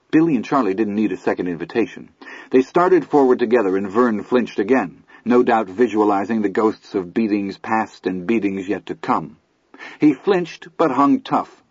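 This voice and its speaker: Husky low-voiced male narrator. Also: expressive, moderate pace, darkish tone, no room sound. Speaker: audiobook narrator. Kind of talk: scripted narration. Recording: dull lo-fi audiobook recording.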